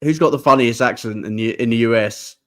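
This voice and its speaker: A man's voice: medium pitch, brisk, clear, resonant tone. Chatty man hosting a podcast. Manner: chatty, laughing, mimics accents. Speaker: podcast host. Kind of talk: casual chat.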